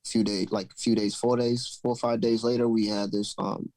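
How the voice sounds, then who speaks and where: A man hosting a podcast, telling a story in a loose, animated, profane way. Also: fairly low pitch, moderate pace, dry recording, poor audio. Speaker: podcast host. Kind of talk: casual storytelling chat.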